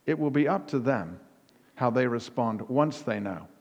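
A man preaching a sermon as pastor, emphatic, with punchy repetition that rises to near-shouts on key words. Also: medium pitch, animated, moderate pace, muffled recording. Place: church hall. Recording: long reverb of a church hall.

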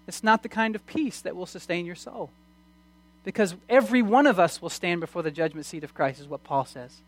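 A preacher giving a sermon, reading scripture slowly and swinging between hushed and loud emphasis, with frequent restarts. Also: mid-range voice. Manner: reads scripture aloud slowly.

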